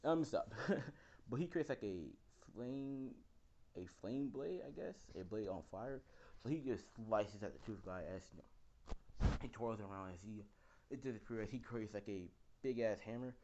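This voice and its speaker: A man's voice: fairly low pitch, moderate pace, mellow, muffled recording, slight background noise. A young man casually improvising a fan story, rambling with lots of fillers and the odd swear.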